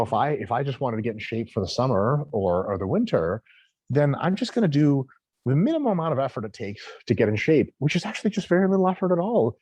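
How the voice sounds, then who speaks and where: Animated, husky-voiced man, blunt guest. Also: mid-range voice, no echo, dull audio. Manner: emphatic, blunt, swears freely. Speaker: guest coach. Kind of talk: casual interview talk.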